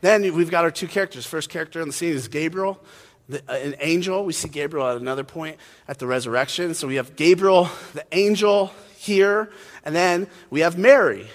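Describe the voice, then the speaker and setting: A man's voice: fairly high pitch, fairly quick. A man preaching a casual, joking sermon, chatty and full of fillers. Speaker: pastor. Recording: long hall reverb.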